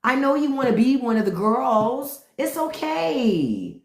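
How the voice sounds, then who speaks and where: On her live stream, a podcast host delivers a profane, no-holds-barred rant and mocks her chat. Her voice is a little high and moves at normal speed, echoing around the room.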